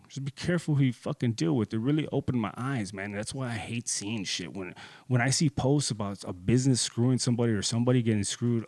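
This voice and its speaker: A man's voice: lowish voice, no echo. A man telling a personal story in a casual, heated and profane way, rambling and full of fillers like "dude" and "you know".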